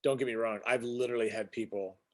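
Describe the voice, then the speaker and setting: A man's voice: mid-range voice, fairly even intonation, fast, darkish tone. Chatty man greeting live viewers. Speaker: host. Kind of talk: casual live-stream chat.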